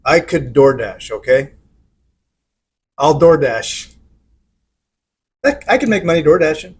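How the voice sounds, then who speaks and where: A man's voice: on the high side, expressive, slow, breathy edge. A man in casual podcast chat, talking hesitantly as he thinks things through. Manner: hesitant, self-searching. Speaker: podcast host.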